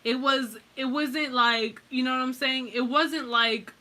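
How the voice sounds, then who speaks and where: Her voice is high and sharp, with fairly even intonation and a measured pace. The woman is a tarot reader giving a casual pick-a-card reading, talking right to the viewer in a blunt, heavily profane ramble dotted with restarts and fillers.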